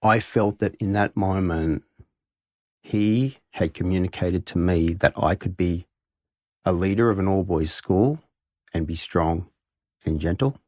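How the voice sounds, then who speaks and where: A man's voice: low-pitched, measured pace, darkish tone, no room sound, studio quality. A middle-aged man, a head of school and podcast guest, tells an earnest, heartfelt story and reflects on it.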